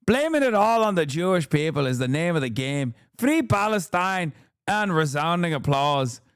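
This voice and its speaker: A man doing a mocking impression of an indignant middle-aged woman pundit, speaking slowly and drawing out every outraged phrase. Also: a little high, big pitch swings, clean tone, dry recording, studio quality. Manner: slow, drawn-out, outraged. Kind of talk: mocking impression during stream.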